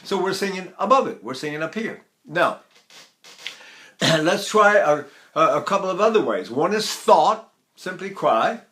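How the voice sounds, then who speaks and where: A man's voice: high-pitched, expressive, unhurried, a bit bright. An older man, a voice teacher, explaining vocal technique in short phrases and breaking into sung syllable exercises.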